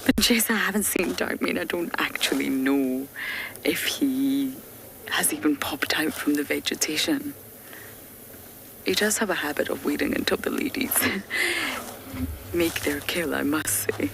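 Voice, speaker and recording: A woman safari guide giving live game drive commentary, often dropping to a hushed whisper and laughing often. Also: low voice, expressive, unhurried, creaky, long pauses. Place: outdoors in the bush, in a vehicle. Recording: outdoor bush noise behind.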